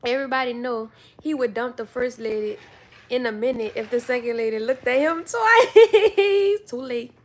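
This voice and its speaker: A woman's voice: on the high side, normal speed, slight background noise. A young woman giving blunt, profane casual commentary, often laughing. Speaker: commentary vlogger.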